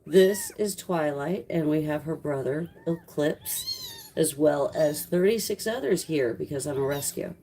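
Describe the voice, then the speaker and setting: Sarcastic low-voiced woman with gravelly creak. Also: moderate pace, hardly any pauses, warm tone, slight background noise. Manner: sarcastic, chatty, talks to kittens and reads chat aloud. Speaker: kitten rescuer livestreaming. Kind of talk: casual livestream chat with viewers. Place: home room with kittens.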